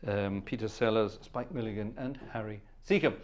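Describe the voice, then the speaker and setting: A man's voice: lowish voice, moderate pace, a little mellow. A middle-aged man hosting a live stream, greeting viewers one by one in a chatty, playful way with friendly asides. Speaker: livestream host and organist.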